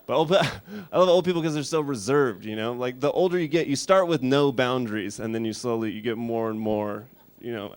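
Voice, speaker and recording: A man in his thirties from Colorado doing a stand-up set, delivering dark, absurd one-liners in a deadpan way. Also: mid-range voice. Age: 30s. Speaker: stand-up comedian. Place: small studio.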